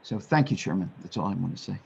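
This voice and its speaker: A man speaking as a commissioner at a public meeting, offering sincere remarks haltingly, with many restarts. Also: low-pitched, lively intonation, gravelly, dull audio, a little hiss or hum.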